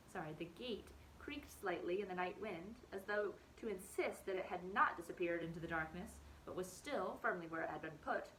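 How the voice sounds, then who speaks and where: A woman teacher reading a novel aloud to her class in an expressive storytelling manner. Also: mid-range voice, a little hiss or hum, low-quality recording.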